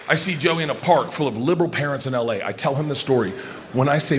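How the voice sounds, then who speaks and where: Man in his 50s, stand-up storytelling, lively, slightly high, arena reverb, crowd noise. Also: fast. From Florida, USA. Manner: loud, lively, profane storyteller. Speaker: stand-up comedian. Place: large arena on stage.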